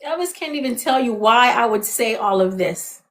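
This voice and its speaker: A woman's voice: fairly high pitch, lively intonation, normal speed. A woman from Florida making emphatic, repetitive accusations as a guest on a live stream. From Florida, USA. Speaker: guest, ex-partner.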